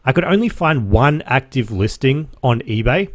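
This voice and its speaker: Young Aussie guy, podcast host, middle pitch, sweary and sarcastic, casual rant, dry close recording. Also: moderate pace, no room sound. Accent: Australian. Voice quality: animated, swears freely, sarcastic. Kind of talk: casual ranting monologue.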